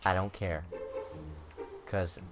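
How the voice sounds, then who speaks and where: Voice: deep voice, takes it slowly, faint music behind. A gamer giving let's-play commentary on a maze map, muttering to themselves and breaking into panicked shrieks. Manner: excitable, swings from muttering to shrieking.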